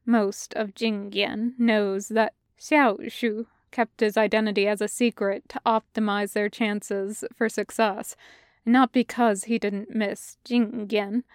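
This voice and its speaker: A woman narrating a fan audiobook in a slow, measured reading. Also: mid-range voice, steady tone, smooth, dry recording, clean studio sound.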